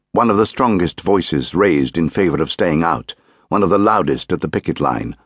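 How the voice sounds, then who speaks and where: A man reads a crime novel aloud in a measured, grave, deliberate way. His voice is very deep and the recording is close and dry, with no room sound. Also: dry recording. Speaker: audiobook narrator. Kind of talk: scripted narration.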